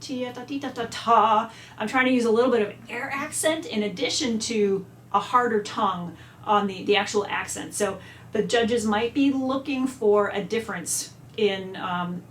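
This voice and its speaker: A woman's voice: medium pitch, moderate pace, slight background noise. A woman giving a chatty music lesson, now and then singing phrases out on syllables. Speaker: music teacher. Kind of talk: instrument lesson walkthrough. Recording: echoey room, faint ambience.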